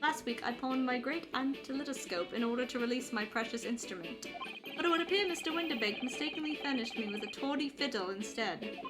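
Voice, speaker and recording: A woman's voice: high voice, expressive, a little fast. A woman voicing a theatrical male detective from a game, with a put-on English accent and grand, melodramatic delivery, game music behind. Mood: haughty.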